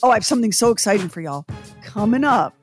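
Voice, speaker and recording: A woman's voice: medium pitch, expressive, fast, soft background music. A woman co-hosting a radio show, chatty and dramatic, laughing often. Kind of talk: casual radio chat.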